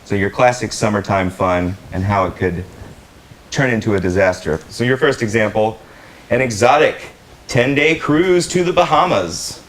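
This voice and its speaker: Over the roar of a laughing live audience, an upbeat man cracks jokes as host of a comedy game show. He has a fairly low voice and talks at a normal speed.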